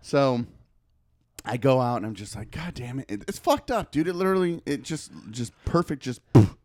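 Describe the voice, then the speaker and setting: Lively profane man telling stories. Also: medium pitch, moderate pace, no room sound, studio quality. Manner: profane, storytelling, acts out quotes. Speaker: podcast co-host. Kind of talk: casual chat.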